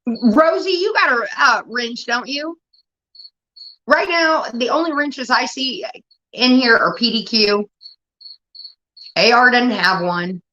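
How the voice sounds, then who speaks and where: She's a livestream host whose casual chat turns blunt and profane as she gets annoyed with her moderators. Her pitch is on the high side, her intonation lively, and she talks slowly with frequent pauses and a sharp tone. The stream audio is dull and lo-fi.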